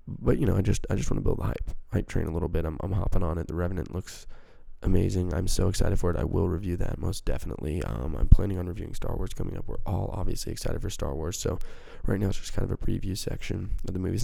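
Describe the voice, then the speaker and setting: A man's voice: low voice, quick pace, gravelly, few pauses, mellow, dry recording. A man hosting a casual solo podcast, rambling in a profane, self-mocking way into a handheld microphone. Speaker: podcast host.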